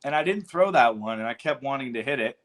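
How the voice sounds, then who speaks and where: A man's voice: medium pitch, expressive, fast, fairly bright tone. A man in his forties from California, a podcast guest telling stories in a laid-back, slangy way with lots of filler words and casual swearing. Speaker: podcast guest, cannabis business founder. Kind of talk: casual storytelling interview.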